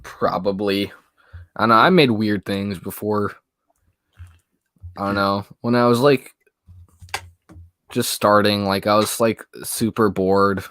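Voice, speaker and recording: A man's voice: lowish voice, fairly even intonation, slow, long pauses, a bit bright, no echo. A young man who makes movie videos, chatting as an interview guest in a hesitant, rambling way full of fillers. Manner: hesitant, rambling, many fillers and "I don't know". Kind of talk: casual interview chat.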